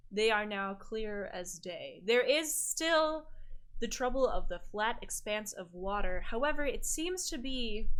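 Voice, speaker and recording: Woman game master, bright mid-pitched voice, relaxed narration with fillers.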